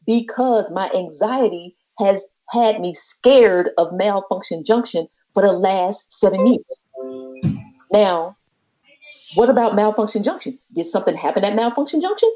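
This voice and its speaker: Podcast co-host, woman; lively storyteller who acts out every quote; dull lo-fi sound. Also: mid-range voice, measured pace. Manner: expressive, acts out quoted voices, laughs often. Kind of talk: animated storytelling chat. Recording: muffled lo-fi podcast audio.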